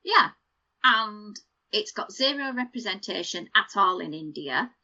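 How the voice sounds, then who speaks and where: A woman's voice: mid-range voice, animated, measured pace, pushed and bright, muffled recording. A middle-aged woman co-hosting a podcast, chatting casually and savouring vivid details as she lists them. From United Kingdom. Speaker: podcast co-host. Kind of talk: casual chat.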